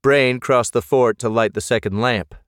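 A man reading scripted narration for an audiobook at a measured pace. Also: medium pitch, fairly even intonation, smooth, no room sound, studio quality.

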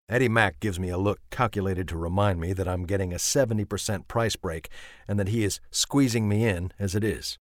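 A man narrating a first-person audiobook in a measured, understated way on a close studio mic. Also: low-pitched, no room sound.

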